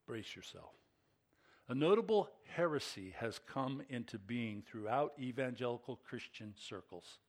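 A middle-aged man preaching a sermon as pastor, swinging between hushed asides and emphatic, excited peaks. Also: medium pitch, unhurried.

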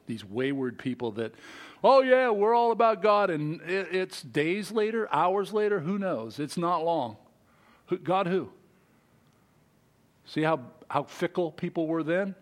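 A man preaching a sermon, slow and emphatic, reading scripture aloud and swinging between loud, raised lines and hushed, low ones.

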